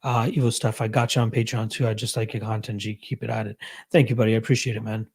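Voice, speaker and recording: Laid-back husky Canadian man. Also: fairly low pitch, flat delivery, fast talker, darkish tone. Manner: laid-back, chuckling, filler-heavy. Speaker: live stream host reading chat. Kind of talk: casual live chat about fight betting.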